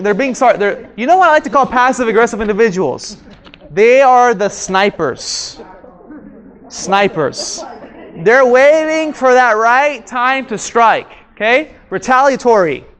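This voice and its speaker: A man's voice: sits high, lively intonation, a little slow, fairly bright tone. Guy running a training session, keeps quizzing the room, says stuff twice. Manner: questions the room, repeats key words. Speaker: communication trainer. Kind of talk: live workshop instruction.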